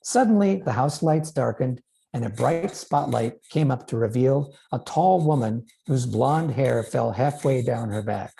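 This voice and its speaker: A man, a novelist, reading aloud from his own book in a measured, expressive way. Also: mid-range voice, gravelly, low-quality recording.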